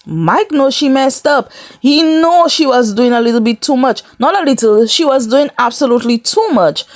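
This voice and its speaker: In a dry, studio-quality recording, a woman with a slightly mellow voice on the high side recaps a reality show. She's chatty and disbelieving, breaking into laughter throughout.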